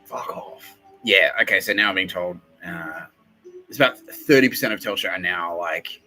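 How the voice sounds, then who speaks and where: A man's voice: low voice, moderate pace, bright, forceful tone, soft background music, low-quality recording. A man hosting a podcast, ranting in a rambling comedic monologue, sweary and sarcastic. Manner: sweary, sarcastic, mocking voices of others. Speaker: podcast host.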